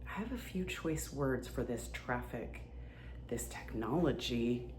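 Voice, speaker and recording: A woman's voice: very deep voice, animated, slow, darkish tone, reverberant, a little hiss or hum, voice pushed down, exaggerated voice. A woman acting out an adult woman in an exaggerated demonstration of moods. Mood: irritated. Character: adult woman swinging from gushing joy to irritation.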